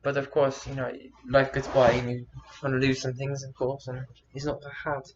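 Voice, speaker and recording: A man telling a personal story to camera in a rambling, halting way, with many fillers and restarts. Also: mid-range voice, completely flat delivery, dull audio, background noise. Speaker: vlogger.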